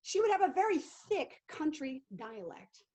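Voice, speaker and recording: A middle-aged woman, a living history actress, answering interview questions in an animated way and acting out quotes. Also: sits high, unhurried. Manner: animated, acts out quotes and accents.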